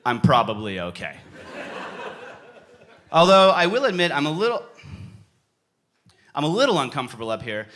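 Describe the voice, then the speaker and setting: A young man performing a stand-up comedy set on a club stage, with animated delivery and sudden yelling bursts as he acts out stories. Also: fairly high pitch. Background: audience laughter.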